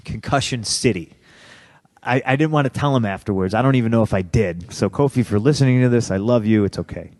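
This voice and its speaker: A man's voice: medium pitch, quick pace, a little mellow, no room sound, studio quality. Profane, heated man telling a story. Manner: profane, heated retelling with acted-out quotes. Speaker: podcast guest. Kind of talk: casual storytelling in a podcast interview.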